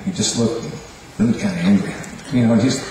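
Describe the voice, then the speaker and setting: A man's voice: on the low side, a little fast, dark tone. A man who leads worship at a church, introducing the next speaker in a rambling, hesitant way. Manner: rambling, hesitant, filler-heavy. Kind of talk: casual introduction to a congregation. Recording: echoey hall from far off, faint hum.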